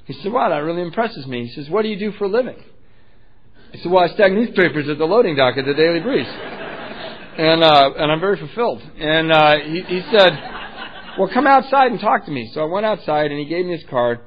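A man tells his own recovery story with lively, self-mocking humor, often breaking into laughter at himself. His voice sits fairly high. The recording is muffled and lo-fi. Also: brisk, a little hiss or hum. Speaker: speaker sharing his recovery story at a meeting. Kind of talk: personal storytelling talk.

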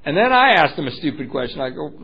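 A man sharing a personal recovery story, candid and self-mocking, swinging between hushed and loud. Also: fairly high pitch, big pitch swings, quick pace, creaky, husky, muffled recording. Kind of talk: personal testimony talk.

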